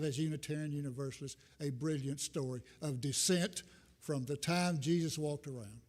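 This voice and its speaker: A man's voice: fairly high pitch, a little mellow. An older man giving a rambling, folksy sermon as a visiting minister, with self-deprecating humor. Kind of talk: informal sermon. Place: church sanctuary. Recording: long reverb from a church hall.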